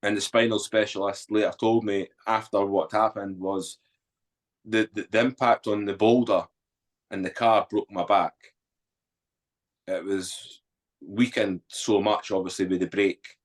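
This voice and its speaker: Man, deepish voice, candid guest telling a story with lots of swearing. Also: measured pace. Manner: blunt, swears freely, animated retelling. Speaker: podcast guest.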